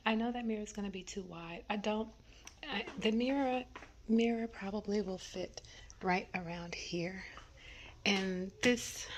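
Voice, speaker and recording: Woman home vlogger, low-pitched and soft, half-whispered musings on a phone camera in her bedroom. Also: slight background noise. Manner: rambling, many ums and trailing thoughts. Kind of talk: casual thinking-aloud vlog.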